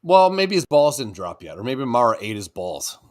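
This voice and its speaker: A man riffs through a crude, casual podcast conversation, rambling from one tangent to the next. His pitch moves a lot, and he laughs often and slides into goofy put-on voices. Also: very animated, normal speed. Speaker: podcast co-host.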